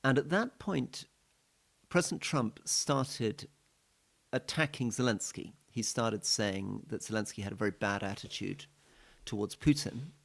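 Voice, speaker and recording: British guy on a politics podcast, low gravelly voice, measured. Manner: measured, recounting events. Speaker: podcast co-host.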